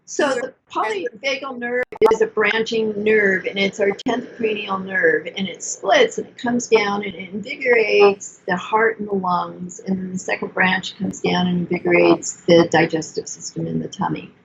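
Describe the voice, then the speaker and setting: An older woman therapist explaining emotional self-care in an earnest, coaching way, with gentle self-soothing asides. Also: mid-range voice, normal speed, creaky, few pauses. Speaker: therapist guest. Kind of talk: explanatory podcast talk. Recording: dull lo-fi sound with faint noise.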